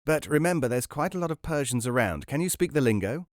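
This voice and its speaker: An unflappable con man in a storybook, breezy and jovial, with clipped, clubby phrasing, as a male narrator puts him on. His voice rides up and down with lively swings, a little higher than the narrator's own, and the recording is dry. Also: fast, no echo, lightly acted.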